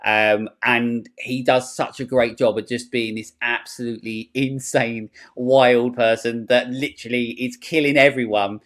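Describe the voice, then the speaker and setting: A man hosting a podcast, chatting casually in a rambling, animated way and swearing freely. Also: medium pitch, a little slow, hardly any pauses. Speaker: podcast host. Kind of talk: casual chat.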